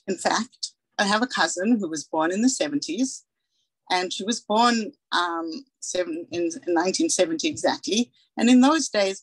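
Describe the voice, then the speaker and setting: A woman's voice: lowish voice, dry recording, poor audio. A woman in her forties from South Africa, giving a candid, earnest personal talk as a guest speaker and acting out the dialogue she recalls.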